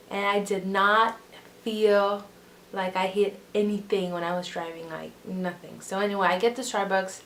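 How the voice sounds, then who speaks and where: A woman's voice: mid-range voice, slight background noise. A young woman telling a casual storytime vlog, rambling with lots of fillers. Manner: rambling, filler-heavy, full of "like". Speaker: vlogger.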